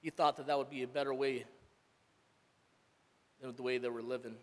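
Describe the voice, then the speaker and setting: A man, a father, giving an earnest sermon testimony, rising loud and falling soft. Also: medium pitch, steady tone, moderate pace, big-room sound. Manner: earnest, swells loud then drops soft. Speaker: church speaker, father.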